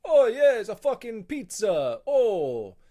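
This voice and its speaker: A man putting on a loud, exaggerated mock Italian accent to play an excitable Italian man gushing over food. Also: high-pitched, takes it slowly, pitched above the performer's own voice, heavily acted. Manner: shouting, exaggerated exclamations.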